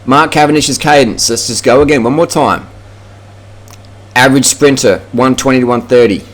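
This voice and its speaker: A man's voice: mid-range voice, normal speed. Australian male cycling vlogger, blunt and profane, casual rant. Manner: blunt, brash, swears freely.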